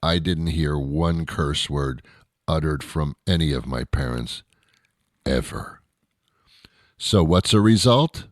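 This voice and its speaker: Speaking slowly and pausing often, a very deep-voiced, middle-aged radio host from Canada performs a solo talk show monologue. His rant is full of disbelief, and he mimics people to mock them. The recording is dry and clean, with studio sound.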